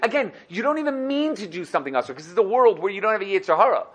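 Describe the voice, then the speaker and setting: A man teaching a lively Torah lesson, animated and acting out little scenes. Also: high voice, very fast. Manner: animated, acts out dialogue.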